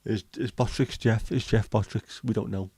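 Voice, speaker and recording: A man's voice: fairly low pitch, steady tone, normal speed, a little mellow, breathy edge, no echo. A man, hosting a casual livestream and chatting with viewers in a joking way. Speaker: livestream host.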